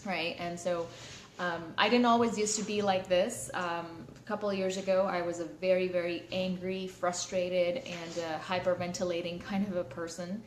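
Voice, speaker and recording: A woman with a lowish voice and steady tone hosts a live stream at a moderate pace, speaking candidly to viewers with many fillers and restarts. The room is echoey, with faint ambience and a little hiss or hum.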